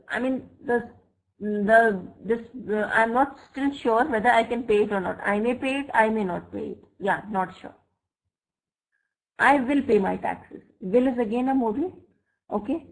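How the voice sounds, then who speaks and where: Woman, online grammar teacher, slightly high voice, slow examples, keeps asking "right?". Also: rough recording. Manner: checks understanding with frequent "right?" and "fine?"; slow, deliberate example sentences. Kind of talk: online English grammar lesson. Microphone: computer mic for a web class.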